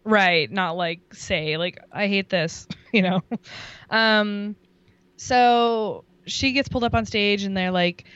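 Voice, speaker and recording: A woman's voice: medium pitch, slow pace, fairly bright tone, clear, resonant tone, no room sound, highs cut off. A woman telling a story in casual chat, talking in a loose, chatty way full of likes and ums. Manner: chatty, filler-heavy with many likes and ums. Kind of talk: casual chat, recounting a show.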